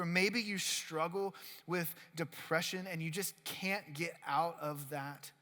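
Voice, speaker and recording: A man's voice: high-pitched, sharp tone. A man preaching a casual youth sermon in a worship center, telling a story in a chatty way that leans heavily on "like" and acts out the quotes. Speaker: youth pastor. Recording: long reverb of a worship hall.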